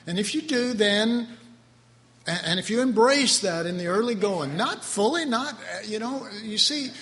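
High-voiced preacher in a reverberant church. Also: male voice, expressive, a little slow, a bit bright. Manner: emphatic and repetitive, with laughing asides to the congregation. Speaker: pastor. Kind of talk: sermon. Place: church sanctuary. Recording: long hall reverb, faint room noise.

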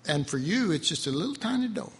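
High-voiced preacher in a reverberant church. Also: male voice, big pitch swings, fast talker. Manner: emphatic and repetitive, with laughing asides to the congregation. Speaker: pastor. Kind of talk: sermon. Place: church sanctuary. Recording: long hall reverb, faint room noise.

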